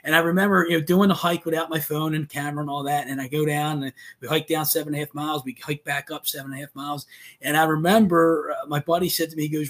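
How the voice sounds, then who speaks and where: Husky fast-talking male podcast host. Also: fairly high pitch, fairly even intonation, fairly bright tone. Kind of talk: casual interview talk.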